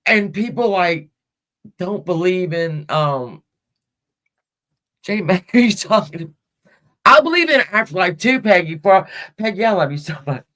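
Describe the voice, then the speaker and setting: A woman's voice: on the low side, animated, a little slow, pauses often, fairly bright tone. A middle-aged woman hosting a casual podcast, telling a personal story in a rambling, frank way and swearing freely. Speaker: podcast host.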